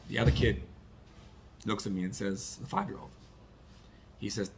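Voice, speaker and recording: Male rabbi-teacher, low gravelly voice, conversational storytelling with Yiddish and Hebrew words. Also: moderate pace, pauses often, a little hiss or hum. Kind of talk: teaching a class, telling a personal story.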